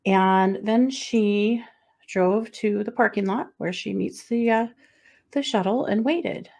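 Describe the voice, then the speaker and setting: A woman's voice: mid-range voice, takes it slowly, creaky, a little mellow. A middle-aged woman co-hosting a podcast, talking casually and walking through a missing-person case in a rambling, chatty way. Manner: chatty, rambling with fillers and restarts, laughs easily. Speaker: podcast co-host.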